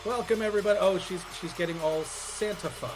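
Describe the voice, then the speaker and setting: A man's voice: sits high, fast, over music. A man hosting a live online improv show from a video call, upbeat and chatty with frequent fillers.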